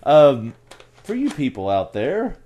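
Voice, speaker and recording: Lively, joking podcast guy. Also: mid-range voice. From United States. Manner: jokey, laughs often, quick asides. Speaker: podcast co-host. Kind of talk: casual chat.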